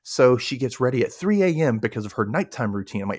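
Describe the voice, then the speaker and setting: A man's voice: mid-range voice, fast talker, few pauses, husky, no room sound, studio quality. A young man from Mississippi hosting a podcast, recapping a show in casual chat and acting out the characters. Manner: animated, laughs often, acts out characters. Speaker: podcast host.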